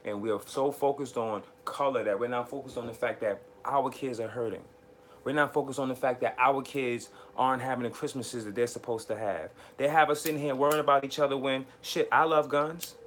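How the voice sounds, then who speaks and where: A man from the United States hosts a live one-on-one show, ranting hard and cursing freely. He hammers his points by saying them again and again, at a middling pitch for a man. Faint noise sits behind his voice. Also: fairly quick, a bit bright. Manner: heated, profane, repetitive. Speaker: host. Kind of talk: live political rant.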